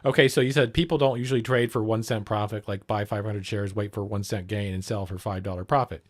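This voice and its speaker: Profane, rambling livestream host. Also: male voice, on the low side, steady tone, quick pace. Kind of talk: profane reaction commentary.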